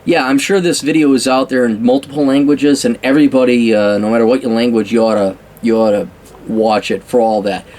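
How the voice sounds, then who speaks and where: A man's voice: mid-range voice, steady tone, a little fast, a little mellow. A man hosting a casual film review, rambling and self-mocking with frequent restarts and swearing.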